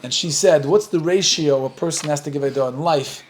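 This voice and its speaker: A middle-aged man with an American accent, a rabbi telling lively stories while teaching a Talmud class and acting out the dialogue. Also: fairly high pitch, fairly quick, slight background noise. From United States. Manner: animated storyteller, acts out dialogue, laughs often.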